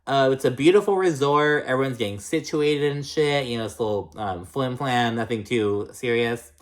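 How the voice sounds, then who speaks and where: A man chats his way through a reality TV recap in a loose, profane way, with "like" in almost every sentence. His voice sits at a middling pitch but jumps up high and drops low again when something gets to him. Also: moderate pace. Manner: chatty and profane, heavy use of "like"; jumps between pitch highs and lows when reacting. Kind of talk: casual recap commentary.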